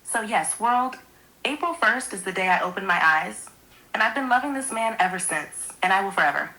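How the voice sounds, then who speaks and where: A woman's smooth synthetic voice speaking a sweet, theatrical, poetic scripted monologue as an AI companion. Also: mid-range voice, expressive, normal speed, sharp tone, rough recording. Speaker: AI companion co-host.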